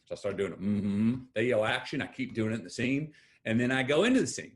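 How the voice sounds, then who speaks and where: Animated Texan man telling stories. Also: medium pitch, quick pace. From Texas. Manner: acts out quoted voices, emphatic. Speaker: guest actor. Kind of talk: animated storytelling interview.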